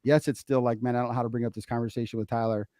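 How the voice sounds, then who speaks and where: A middle-aged man co-hosting a casual podcast, telling family stories in an animated way and repeating phrases for emphasis. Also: medium pitch, rapid-fire, no room sound, clean studio sound. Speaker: podcast co-host, father.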